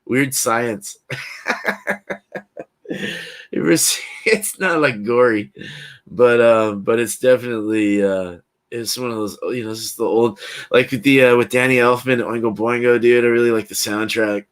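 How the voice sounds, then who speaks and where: A man's voice: medium pitch, unhurried. A man hosting a livestream, chatting casually with viewers in a laid-back, slangy way and laughing often. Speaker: livestream host. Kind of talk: casual chat with live chat.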